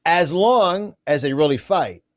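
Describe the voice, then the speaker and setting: A man's voice: a little high, expressive. Fiery middle-aged man ranting. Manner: emphatic ranting, rapid asides and restarts. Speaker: guest, conservative business publisher. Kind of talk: fiery political interview talk.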